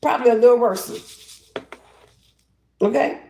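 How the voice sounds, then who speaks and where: A woman's voice: a little high, measured pace, warm tone, reverberant, slight background noise, low-quality recording. A woman chatting casually and bluntly while getting ready, giving spiritual readings, repeating her phrases for emphasis. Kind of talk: casual get-ready-with-me chat.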